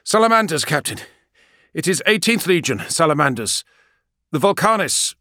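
A man doing a high, urgent ship pilot. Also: big pitch swings, moderate pace, sharp tone, no echo, studio quality. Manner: urgent, clipped reports. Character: anxious male starship pilot.

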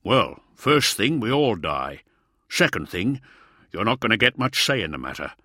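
A man voicing a gruff, hardened male warrior who speaks bluntly and curtly. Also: on the low side, very animated, moderate pace, sharp tone, dry recording, studio quality, exaggerated voice. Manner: blunt, curt.

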